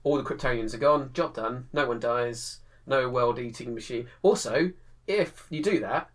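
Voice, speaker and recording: A man co-hosting a casual podcast. He talks in a lively, animated way, laughs easily and slips into playful voices. His voice sits at an ordinary middle pitch. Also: moderate pace. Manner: animated, laughs often, acts out lines. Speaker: podcast co-host. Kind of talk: casual chat.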